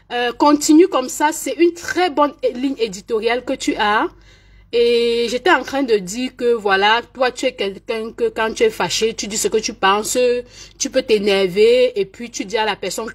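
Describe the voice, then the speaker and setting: A woman whose first language is French, speaking hesitantly in a casual message and switching between English and French with many fillers. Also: on the high side. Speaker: vlogger speaking to a fellow live-streamer.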